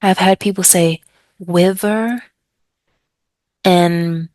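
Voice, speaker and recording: Woman, ESL tutor, slow deliberate teaching, over-enunciated words, dry close recording. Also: fairly low pitch, fairly even intonation, no echo. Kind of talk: teaching tips, modeling pronunciation.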